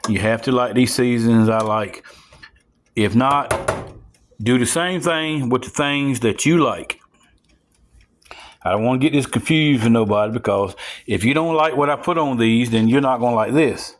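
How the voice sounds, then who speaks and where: A man, casually narrating a home cooking video and chatting straight to viewers with excited whoops. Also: medium pitch, moderate pace. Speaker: home cook showing a recipe. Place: home kitchen.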